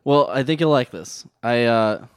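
A man's voice: mid-range voice, animated, measured pace, smooth, dry recording, clean studio sound. A man co-hosting a comedy podcast, bantering in a playful, mock-outraged way. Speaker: podcast co-host. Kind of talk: casual comedy podcast chat.

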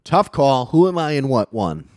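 A man's voice: mid-range voice, very animated, moderate pace, heavy background noise. A man in casual chat, crude and joking, bantering with a friend. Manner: crude, joking, slips into silly put-on voices.

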